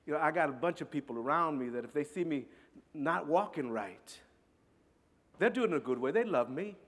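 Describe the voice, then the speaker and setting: Middle-aged man, earnest personal storytelling, halting and repetitive, fairly high voice, long hall reverb. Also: expressive, fairly bright tone. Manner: earnest, halting, repeats words. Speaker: speaker.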